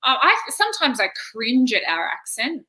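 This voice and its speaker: A young woman from Australia with a softened Australian accent, chatting from home as an interview guest and laughing often. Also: high-pitched, sing-song, normal speed. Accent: Australian, softened by years in America. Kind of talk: casual video-call interview.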